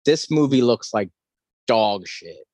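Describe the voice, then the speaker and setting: A man co-hosting a podcast in casual chat, animated, sarcastic and profane. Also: mid-range voice, takes it slowly, dry recording. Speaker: podcast co-host.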